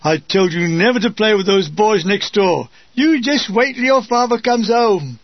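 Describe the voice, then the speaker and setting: Casting: man doing a fussy, mother-like soldier mate, husky, scolding; dull lo-fi audio. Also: sits high, expressive, normal speed, dry recording, pitched above the performer's own voice. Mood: mock-scolding. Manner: mock-scolding, prim.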